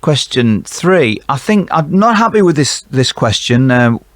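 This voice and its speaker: A man reads out quiz answers at an unhurried pace, slipping in jokey, chatty asides. He sounds close and dry, with no room echo. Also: mid-range voice, very animated. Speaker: quiz host for a care provider.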